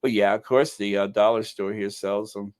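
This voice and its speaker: A man's voice: fairly low pitch, fairly even intonation, normal speed, darkish tone, smooth. A middle-aged man hosting a casual live chat, reading viewer comments and joking at his own expense with mock-indignant outbursts. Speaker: channel host.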